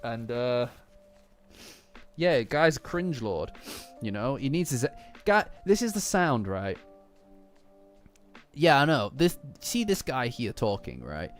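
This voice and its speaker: A man hosting a casual chapter reaction, breaking into heated, cursing outbursts between calmer reflective stretches. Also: mid-range voice, slow, pauses often. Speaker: manga reaction host. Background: faint lofi background music.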